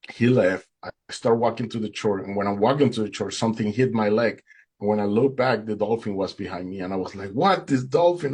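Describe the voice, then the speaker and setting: His voice is low, husky, and darkish as he gives his faith testimony. He relates events with feeling and acts out each exchange of dialogue.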